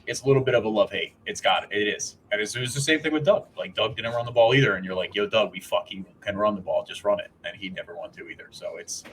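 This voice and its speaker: A man's voice: fairly low pitch, a bit bright, a little hiss or hum, low-quality recording. A man co-hosting a podcast in casual sports chat, rambling with restarts, swearing and laughing. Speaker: podcast co-host.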